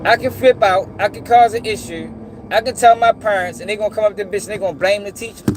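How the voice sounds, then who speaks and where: A man talks straight to his viewers in a casual, profane rant. His voice sits fairly high for a man, and a light hiss of noise runs underneath. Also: fast talker. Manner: blunt, profane, addresses viewers as y'all. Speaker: commentator reacting to news clips. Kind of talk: casual commentary.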